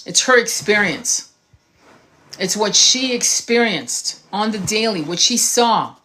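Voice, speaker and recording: A woman's voice: mid-range voice, lively intonation, slow, pushed and bright. A woman tarot reader giving an impassioned monologue to her viewers, blunt and heated, swearing freely.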